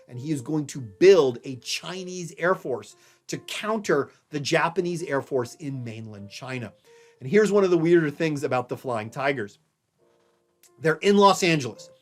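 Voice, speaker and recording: A man from Louisiana giving a recorded history lecture, telling it as a story in a conversational way and checking in with his listeners. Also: on the high side. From Louisiana, USA. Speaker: history professor.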